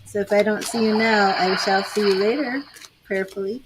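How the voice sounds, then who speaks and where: A woman's voice: mid-range voice, steady tone, moderate pace, noisy background. An older woman giving tarot readings on a live stream, chatting with viewers by name. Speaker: tarot reader.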